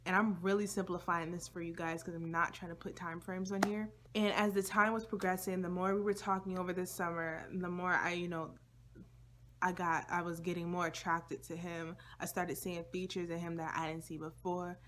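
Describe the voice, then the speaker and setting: A woman's voice: fairly low pitch, flat delivery, moderate pace, fairly bright tone, slight background noise. A young woman vlogger telling a personal story to her viewers in a casual, slangy, chatty way.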